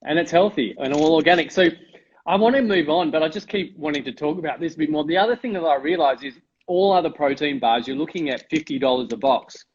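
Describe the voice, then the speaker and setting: A man's voice: fairly high pitch, quick pace, slightly rough, lo-fi sound. A man hosts a casual live-stream chat and gushes with enthusiasm. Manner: gushing, enthusiastic. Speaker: host.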